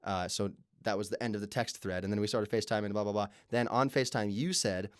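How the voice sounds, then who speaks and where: Fast-talking man telling a story. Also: on the low side, clean tone, no echo, studio quality. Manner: animated, profanity-laced anecdote telling. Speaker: podcast co-host. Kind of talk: casual storytelling chat.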